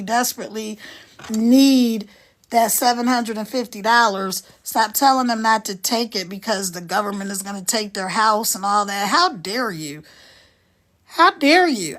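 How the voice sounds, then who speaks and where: A high-pitched woman in her sixties talks casually to her live-stream viewers. She is frank and chatty, greeting people by name and answering their comments directly. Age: 60s.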